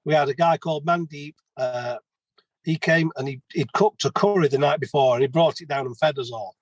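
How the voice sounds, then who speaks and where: A man's voice: on the high side, brisk, dry recording, lo-fi sound. A man, a plumber telling stories as a guest in a casual interview. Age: 50s. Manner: chatty storyteller, many restarts.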